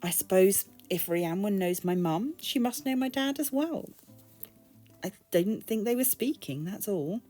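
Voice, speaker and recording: A woman's voice: medium pitch, animated, a little slow, dark tone, soft background music, voice pushed up. A British woman voicing an anxious teenage girl in love, pleading and emotional. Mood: tender.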